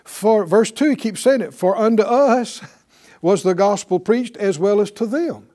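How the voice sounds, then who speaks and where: A man's voice: sits high, unhurried, dark tone. A man preaching a sermon, asking the congregation questions and acting out quotes. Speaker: pastor.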